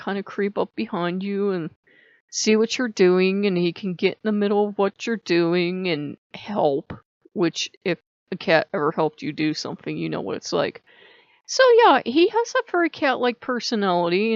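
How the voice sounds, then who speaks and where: A woman's voice: mid-range voice, no echo. Woman, casual talk, chatty, acts out dialogues, dull sound, dry room. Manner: chatty, laughs often, acts out little dialogues. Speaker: channel host. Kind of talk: casual spiritual talk to camera.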